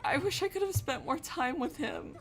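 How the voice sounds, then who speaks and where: A woman's voice: high-pitched, wildly swooping pitch, normal speed, creaky, voice pushed up, heavily acted. A woman voicing a grieving young woman who tearfully apologizes to her late father, read aloud from a game. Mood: tearful remorse. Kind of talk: reading game dialogue aloud.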